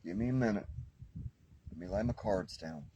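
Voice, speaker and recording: A man's voice: low voice, normal speed, muffled recording, noisy background. A man doing a spiritual tarot reading, speaking fervently like a preacher and repeating phrases for emphasis. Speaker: tarot reader.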